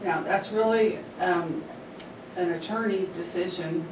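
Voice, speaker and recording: Woman, meeting speaker, measured explanations, roomy echo, distant mic. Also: on the low side, a little mellow. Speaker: county official answering board questions. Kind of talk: public meeting discussion. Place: meeting room. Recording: echoey room, distant mic, background noise.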